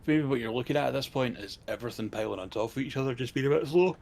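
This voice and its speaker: A man's voice: medium pitch, rapid-fire, vocal fry, darkish tone. A tired, yawning man co-hosting a gaming livestream, talking in a laid-back, wry way with casual swearing. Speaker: co-streamer. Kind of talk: casual gameplay chat.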